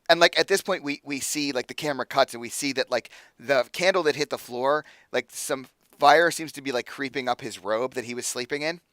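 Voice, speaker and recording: Brief: young male game master, casual chatty narration, mid pitch, dry sound. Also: a little fast, few pauses, fairly bright tone, dry recording. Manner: casual, filler-heavy with constant "like".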